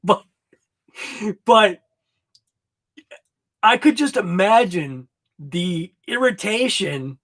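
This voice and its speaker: A man hosting a live hobby show, chatting casually with viewers in a rambling, excited way and laughing often. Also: high voice, extremely slow, pauses often. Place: home garage workshop.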